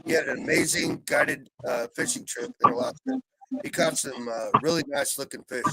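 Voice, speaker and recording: A man on a live panel chat, talking in a vulgar, loud, abrasive way as he tells stories. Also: fairly high pitch, huge pitch swings, normal speed, poor audio. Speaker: regular panelist.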